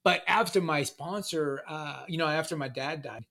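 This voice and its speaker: A man telling a personal story in casual conversation, rambling and halting, repeating words and saying "man" often. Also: on the high side, over a noisy crowd. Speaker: guest sharing recovery story.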